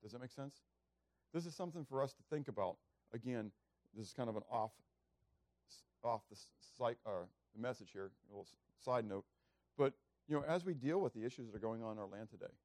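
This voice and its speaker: A man's voice: mid-range voice, darkish tone, no echo. A man preaching a sermon in a conversational way, asking the listeners questions and acting out biblical speeches in a raised voice. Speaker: pastor.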